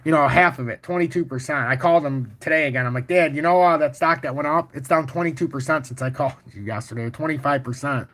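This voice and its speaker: Male livestream host, slightly high voice, brash and boastful, casual and profane. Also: fast, hardly any pauses. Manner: boastful and confident; profane, animated storytelling. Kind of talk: casual livestream chart talk, answering chat.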